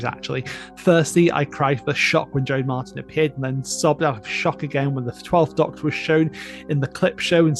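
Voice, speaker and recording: A man's voice: fairly high pitch, creaky. A man co-hosting a casual podcast, reading listener emails aloud with enthusiastic, chatty energy. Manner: enthusiastic, chatty, laughs often.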